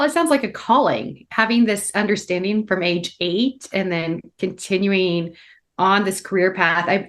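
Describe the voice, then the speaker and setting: A woman interviewer asking thoughtful, measured follow-up questions. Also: fairly low pitch.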